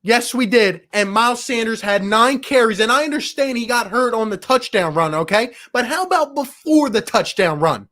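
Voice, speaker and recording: A man's voice: very high-pitched, animated, normal speed, hardly any pauses, bright, forceful tone. A man hosting a live post-game sports show, ranting with passion and frustration, reading viewer messages and calling them bro and my guy. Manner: casual slang, calls viewers bro and my guy. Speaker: sports talk show host.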